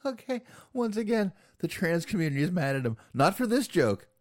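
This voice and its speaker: A man's voice: high voice, sing-song, a little fast, darkish tone, slight background noise. A man hosting a reaction video, chatting and explaining between clips. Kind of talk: casual reaction commentary.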